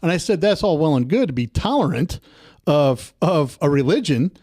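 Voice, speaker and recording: A man's voice: fairly high pitch, normal speed, breathy edge. An American man co-hosting a political talk show, arguing hard and cutting in on the other speaker. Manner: animated, argumentative, interrupts often. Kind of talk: heated political debate.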